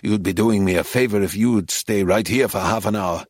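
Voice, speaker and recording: A man doing a drawling, deadpan outback lawman. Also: lowish voice, no echo, pitched below the performer's own voice, lightly acted. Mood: gruff, brisk. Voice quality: slow drawl. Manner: dry, deadpan teasing. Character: wry, grave outback lawman, a drawling joker. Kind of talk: audiobook character voice.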